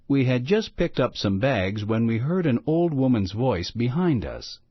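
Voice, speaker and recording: A man reading a children's storybook aloud in a slow, expressive storytelling manner. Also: mid-range voice, breathy edge, no echo. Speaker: storybook reader. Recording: muffled lo-fi recording.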